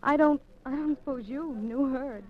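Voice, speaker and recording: A woman's voice: high voice, moderate pace, close to an everyday voice. A woman playing a determined young woman who secretly baits a suspected killer, in 1940s radio acting, breathless and stammering. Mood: probing. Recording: dull lo-fi old radio recording, faint music.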